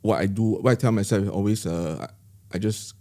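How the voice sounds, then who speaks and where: A man with a Singaporean English accent, a parent guest on a podcast, speaking in a reflective, halting way with many restarts. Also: fairly low pitch, mellow. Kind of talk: podcast panel conversation.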